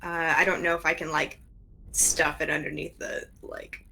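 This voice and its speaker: A woman's voice: low-pitched, level tone, normal speed, gravelly, pushed and bright, low-quality recording. A woman playing a tabletop game, hesitant, thinking aloud about what her character does. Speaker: player.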